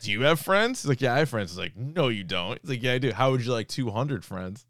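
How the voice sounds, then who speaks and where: A man's voice: mid-range voice, quick pace, no room sound, clean studio sound. A man co-hosting a casual comedy podcast, chatting loosely and acting out quoted lines in little voices. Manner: animated, acts out quoted lines. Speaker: podcast co-host.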